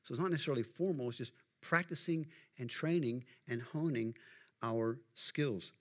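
A man's voice: medium pitch, normal speed. A middle-aged man preaching a sermon to his congregation in a folksy, conversational way, asking them questions as he goes. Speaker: pastor.

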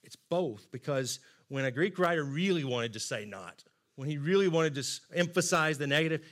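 A man's voice: fairly high pitch, lively intonation, moderate pace. Earnest, emphatic male preacher. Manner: earnest, emphatic, drops to soft asides. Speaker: pastor. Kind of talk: sermon.

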